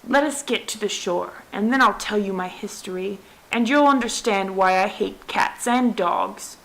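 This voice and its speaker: A woman reading aloud, voicing a touchy little mouse with a shrill, trembling voice. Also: a little slow, vocal fry, a bit bright, low-quality recording.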